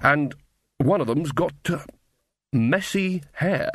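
A man's voice: a little high, big pitch swings, brisk, sharp tone, dry recording, clean studio sound, voice pushed up, exaggerated voice. A man voicing an awkward, nervous young guard who stammers and hesitates.

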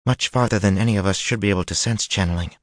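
A man's voice: on the low side, fast talker, no room sound, studio quality, voice pushed up, lightly acted. A man doing a fearful young sorceress woman. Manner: hushed and uneasy.

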